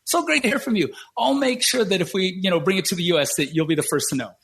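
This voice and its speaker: A man's voice: sits high, fast talker, gravelly, fairly bright tone, voice pushed up. A man putting on the voice of an effusive, gracious male company executive, gushing in a singsong way.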